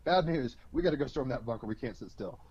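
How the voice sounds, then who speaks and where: A man playing a brisk male soldier who splits his squad into teams. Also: medium pitch, expressive, darkish tone, breathy edge, muffled recording. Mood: urgent. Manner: bossy and upbeat.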